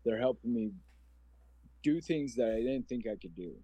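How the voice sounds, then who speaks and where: An earnest man in his forties from Omaha, Nebraska, shares his story as a podcast guest, rambling and emotional as he goes. His voice is warm and mellow. The sound is dry, with no room echo. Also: medium pitch, expressive, moderate pace, husky, lo-fi sound. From Omaha, Nebraska, USA. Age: 40s. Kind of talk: personal storytelling interview.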